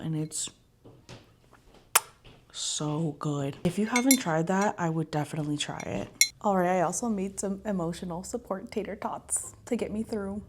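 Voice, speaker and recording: A woman's voice: on the low side, slight background noise. A young woman talking casually and playfully to her viewers as a book vlogger, with bursts of enthusiasm. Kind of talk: casual chat.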